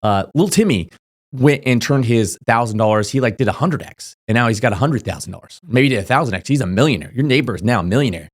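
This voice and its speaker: A young man talking casually to camera, giving crypto advice in a rapid, emphatic way, full of fillers and checking in with "okay?". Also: medium pitch, expressive, breathy edge. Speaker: crypto YouTuber.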